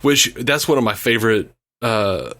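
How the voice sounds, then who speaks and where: A man co-hosting a podcast in casual chat, blunt and animated, laughing often. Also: fairly low pitch, moderate pace. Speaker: podcast co-host.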